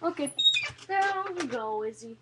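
A young woman with a high voice chats casually to her camera at home, showing off her pets. She slips into cooing baby talk whenever she speaks to the animals. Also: moderate pace, very noisy. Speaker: vlogger. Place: at home indoors.

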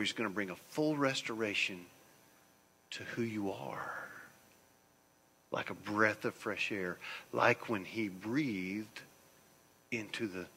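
A man preaching a sermon as pastor, swinging between hushed, slow phrases and loud, emphatic ones. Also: on the low side, slightly rough. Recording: long church hall reverb.

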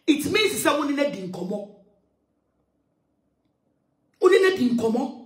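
A woman ranting loudly in a heated monologue, switching between English and Twi, with shouting and sing-song outbursts. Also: sits high, very animated, fast talker, roomy sound. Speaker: social media commentator.

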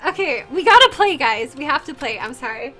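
A woman's voice: high-pitched, big pitch swings, brisk, sharp tone, faint music behind. A woman streamer, tearful and crying, gushing and apologetic as she thanks viewers during a live stream.

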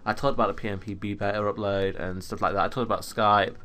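A teenage boy records gaming commentary at home on a USB desktop mic, wandering through casual stories as he plays an online game for his YouTube channel. He speaks quickly in a lowish, bright, forceful voice, though his delivery stays flat.

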